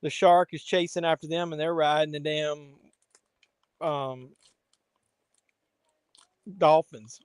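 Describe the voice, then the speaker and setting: A man's voice: a little high, steady tone, slow, long pauses, smooth, no echo. A man hosting a casual live watch-along stream, rambling to chat viewers between asides. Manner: rambling, talks to viewers and his pet.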